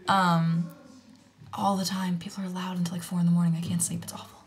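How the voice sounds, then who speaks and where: Chatty American woman, lowish voice. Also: level tone, fairly quick. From United States. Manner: chatty, filler-heavy, drops into whispered asides. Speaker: vlogger. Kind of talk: casual storytelling.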